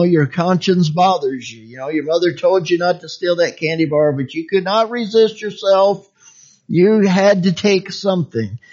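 A man preaches in a relaxed, folksy way, chuckling often as he talks. His voice sits fairly high and swings between bright, raised phrases and near-whispered asides. The recording sounds dull and lo-fi. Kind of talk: sermon.

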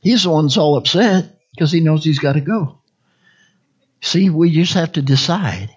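A preacher delivering a sermon, repeating scripture phrase by phrase and swinging from hushed whispers to loud cries. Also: medium pitch, lively intonation, moderate pace, breathy edge, muffled recording. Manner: dramatic swings between whispers and shouts.

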